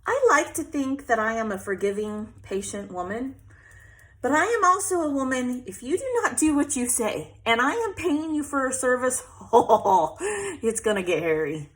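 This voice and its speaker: A woman's voice: high voice, very animated, moderate pace. A middle-aged woman chatting casually while she scrapbooks, venting and laughing often. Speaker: scrapbooking vlogger. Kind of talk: casual chat while crafting.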